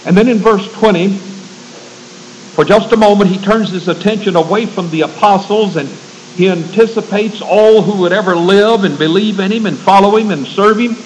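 A man preaching a sermon in an earnest, measured way, reading and quoting scripture to a congregation that includes men training to preach. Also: high-pitched, a little hiss or hum, rough recording.

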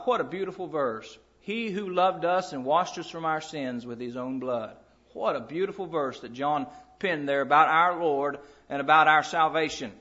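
A male preacher delivers an emphatic sermon to his congregation, pressing hard on each point. His voice sits very high and sounds bright and forceful. The recording is dull and lo-fi. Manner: emphatic, quoting scripture in King James wording. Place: church assembly.

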